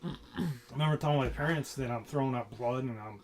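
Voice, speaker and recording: A man co-hosting a casual radio talk show, telling a story in a relaxed, hesitant way. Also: mid-range voice, a little fast. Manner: easygoing storyteller, hesitant with fillers. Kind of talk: casual chat. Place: small home studio.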